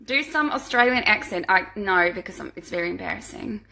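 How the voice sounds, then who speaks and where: A woman's voice: mid-range voice, lively intonation, fairly quick, vocal fry, bright, forceful tone, slight background noise. A woman hosting a casual live fan Q&A from home on her phone, reading out questions, chatting and giggling, and cooing at her dogs. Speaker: musical theatre performer hosting a fan Q&A. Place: at home, indoors. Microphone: phone held at arm's length.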